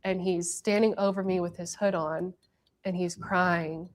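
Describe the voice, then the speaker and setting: Sex: woman. Role: interviewee. Style: TV interview account. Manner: earnest, repetitive. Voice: lowish and flat. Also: measured pace. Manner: earnest, narrative, repeating herself. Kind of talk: recounting in a TV interview.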